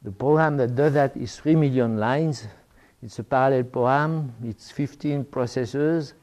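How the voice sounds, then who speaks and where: The lecturer is an older French man presenting an academic talk in English. His medium-pitched voice has a darkish tone, and his delivery halts with many fillers and restarts.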